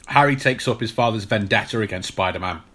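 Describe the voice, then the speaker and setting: Podcast co-host, man, bright voice, halting explanatory delivery. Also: fairly low pitch, husky. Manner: explanatory, hesitant with many fillers and restarts. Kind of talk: casual chat.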